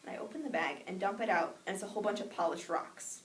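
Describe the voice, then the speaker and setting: A young woman telling a personal childhood story in a lively way, acting out the voices she quotes. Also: medium pitch, quick pace. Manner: animated, acts out quoted voices. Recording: echoey room with noise, mic at a distance.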